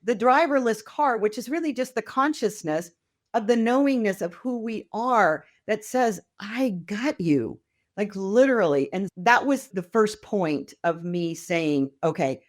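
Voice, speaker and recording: A woman's voice: medium pitch, expressive, unhurried. A middle-aged woman speaking as a podcast guest, talking casually and with enthusiasm, often acting out quoted voices. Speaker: podcast guest, wealth mentor. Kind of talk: casual conversational interview.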